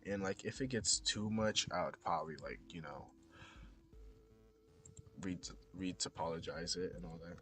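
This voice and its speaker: Deep-voiced man rambling through a tutorial. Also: normal speed, long pauses, fairly bright tone. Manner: rambling, many fillers, often drops to a whisper. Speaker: 3D modeling tutorial maker. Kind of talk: casual screen-recorded tutorial commentary. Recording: clear background music.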